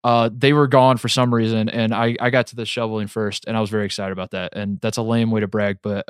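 A man's voice: on the low side, flat delivery, quick pace, clean tone, dry recording. Podcast guy chatting, rambly and joking at himself, dry close sound. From American Midwest. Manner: rambling, self-mocking, frequent restarts. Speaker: podcast co-host. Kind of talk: casual chat.

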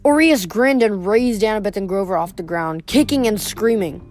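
A woman reading a novel aloud in steady narration, with occasional small slips. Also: medium pitch, moderate pace, faint music behind. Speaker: reader.

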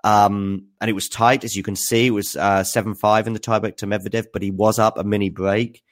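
Low-voiced man hosting a tennis recap. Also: flat delivery, a little fast. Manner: chatty, hesitant, full of fillers. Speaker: tennis news host. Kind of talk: live-stream commentary recap.

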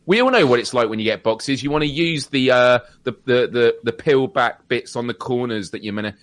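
A man's voice: medium pitch, brisk. A British man co-hosting a podcast, chatting casually, laughing often and acting out quotes as he tells stories. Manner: laughs often, animated storytelling with mimicked quotes. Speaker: podcast co-host. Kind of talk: casual chat.

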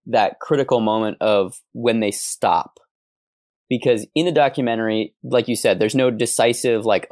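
A man holds forth in an animated podcast chat, stacking analytical points and quick asides. His voice sits at a middle pitch, and the room is dry with no echo. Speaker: podcast co-host. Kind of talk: casual podcast discussion.

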